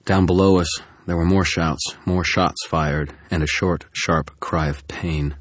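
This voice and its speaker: Very deep, husky male audiobook narrator. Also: fairly even intonation, a little slow. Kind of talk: first-person audiobook narration.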